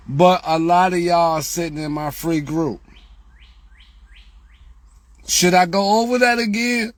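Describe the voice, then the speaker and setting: A man talking casually to viewers about lottery picks, repeating himself and growing exasperated, getting louder when he quotes their questions. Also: a little high, slow, long pauses, dry recording. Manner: repetitive, exasperated, rises when quoting viewers. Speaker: lottery tips creator.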